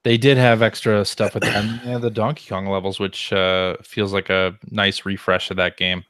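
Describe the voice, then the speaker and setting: A man in his forties hosting a podcast, relaxed and chatty as he reads listener questions aloud. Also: fairly low pitch, moderate pace, smooth, no room sound, studio quality. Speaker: podcast host. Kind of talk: casual podcast chat.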